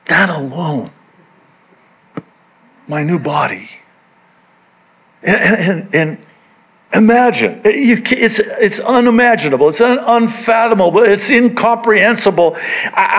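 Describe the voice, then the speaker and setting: Slow-speaking pastor, dull lo-fi sound. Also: male voice, fairly high pitch. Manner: swings between hushed reflection and excited emphasis, with humorous asides. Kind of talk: sermon. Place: church.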